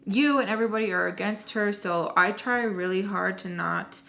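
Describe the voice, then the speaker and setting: A woman's voice: medium pitch, normal speed, creaky. Woman telling a rambling story. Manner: animated, acts out quoted dialogue; rambling, self-correcting asides. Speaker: storytime vlogger. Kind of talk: casual storytime retelling.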